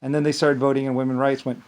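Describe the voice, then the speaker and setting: A man's voice: mid-range voice, flat delivery, very fast, darkish tone, a little hiss or hum. Man ranting and rambling. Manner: angry, rambling, repeats "blah, blah" and swears; stumbles and restarts words. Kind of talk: monologue rant to camera.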